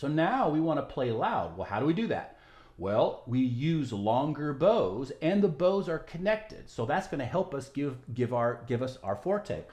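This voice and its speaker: Man, violin teacher, patient step-by-step explaining, animated pitch, roomy echo. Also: moderate pace. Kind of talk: music tutorial. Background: violin playing.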